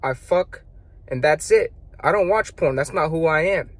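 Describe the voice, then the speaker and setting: A man's voice: on the high side, normal speed, no echo. A young man telling a story and giving blunt, profane, slang-heavy self-improvement advice. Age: young adult. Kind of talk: casual advice monologue.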